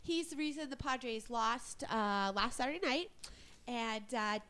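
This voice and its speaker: Woman, high-pitched, podcast co-host, casual chat, playful teasing. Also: expressive, unhurried, bright, forceful tone, smooth. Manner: playful teasing, laughs often.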